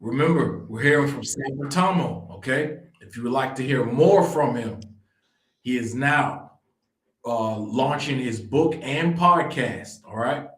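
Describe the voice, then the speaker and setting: Podcast host, man, slow and deliberate, roomy echoey sound, checks in with "okay?". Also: mid-range voice. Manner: tags lines with "okay?", steady plug reading. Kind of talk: casual interview and show promo.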